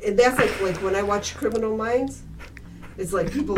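A woman's voice: medium pitch, animated, normal speed, distant mic. A woman co-hosting a casual film podcast, blunt and profane, answering in short bursts. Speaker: podcast co-host.

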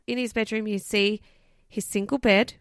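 A woman co-hosting a comedy podcast, telling a story in an animated way with swearing and laughs. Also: medium pitch, moderate pace, clean tone, no room sound, clean studio sound. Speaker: podcast co-host. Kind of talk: casual comedy podcast chat.

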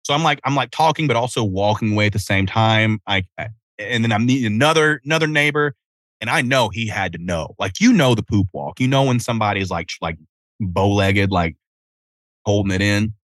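Man in his thirties, low voice, dry close sound, casual podcast host, animated storyteller. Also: fairly quick, dry recording. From Tennessee. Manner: animated storytelling with cursing and self-interruptions. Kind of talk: casual solo podcast chat. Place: outdoors.

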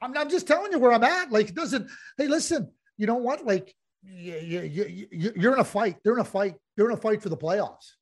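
A man's voice: high-pitched, animated, fairly quick. A man hosting a sports talk show, blunt and emphatic, repeating himself for effect. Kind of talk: heated hockey talk.

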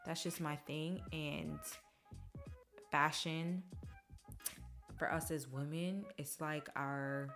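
A woman's voice: sits low, takes it slowly, long pauses. A young woman hosting a podcast, talking casually and emotionally about her life and acting out what others said. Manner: chatty, emotional, quotes others in animated voices. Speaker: podcast host. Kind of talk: casual personal monologue. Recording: faint music behind.

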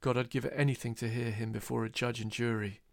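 A man's voice: mid-range voice, steady tone, a little fast, vocal fry, no room sound, studio quality, lightly acted. A man reading the lines of a male pub drinker who mocks and jeers. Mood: mocking. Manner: jeering, laughing.

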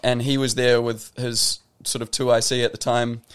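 A man's voice: medium pitch, level tone, normal speed, smooth. A man in his thirties from New Zealand with a New Zealand accent, a podcast guest telling stories in a reflective, casual way. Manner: reflective storytelling, lots of "like" and restarts. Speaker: guest, professional tennis player.

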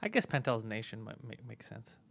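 A man's voice: lowish voice, big pitch swings, fairly quick, creaky. A man hosting a podcast in casual chat, laid-back and self-mocking, swearing freely. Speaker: podcast host.

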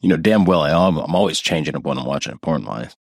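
A man's voice: extremely low pitch, lively intonation, quick pace, creaky, darkish tone, breathy edge, no echo, clean studio sound. A man co-hosting a podcast, chatting crudely and riffing with profanity. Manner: profane, riffing, acts out voices in quotes. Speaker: podcast co-host. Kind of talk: crude casual chat.

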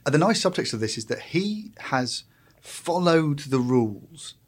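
A man's voice: fairly high pitch, very animated, unhurried. A man on a podcast, working through long, thoughtful points about comedy. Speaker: podcast co-host. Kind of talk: casual chat.

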